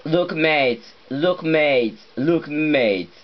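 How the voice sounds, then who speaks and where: A man's voice: on the high side, expressive, drawn-out words. Brief: chummy British guy, keeps calling his mate over, played by a man practicing a British accent, muffled sound. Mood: insistent. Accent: British (imitated).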